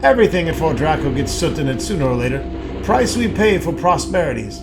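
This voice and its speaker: A man's voice: fairly high pitch, big pitch swings, fairly quick, creaky, over music. A man voicing a friendly male barkeep in a sooty mining town, chatty and easygoing.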